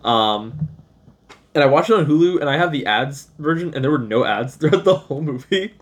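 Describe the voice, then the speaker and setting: A man's voice: fairly high pitch, animated, brisk. A man in his thirties, a podcast co-host, rambling through a casual chat and laughing often. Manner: rambling, laughs often, does goofy voices when retelling scenes.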